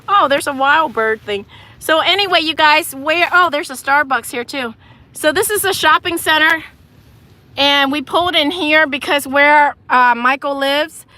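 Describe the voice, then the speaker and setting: A woman's voice: high-pitched, sharp tone. A woman chatting casually with viewers on a live stream from inside a parked car, laughing often. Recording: car interior with vehicle noise.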